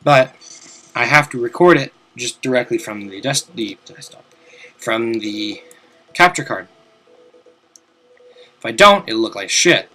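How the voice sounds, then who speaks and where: Young male gamer, bright voice, rambling casual commentary with loud swearing outbursts. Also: medium pitch, animated, measured pace, pauses often. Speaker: let's play commentator. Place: home room at his desk.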